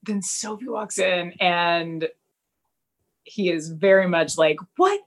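A young woman co-hosting a podcast, casually recapping a TV episode and acting out the characters' lines. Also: slow. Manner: animated, acts out characters' lines with big pitch jumps. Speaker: podcast co-host.

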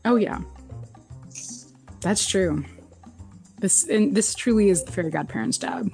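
An animated woman chatting through a TV episode recap, her voice at a middle pitch that leaps high whenever she quotes someone. She laughs often, and faint music sits under her voice. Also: measured pace, gravelly. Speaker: podcast co-host recapping a TV episode. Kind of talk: casual chat.

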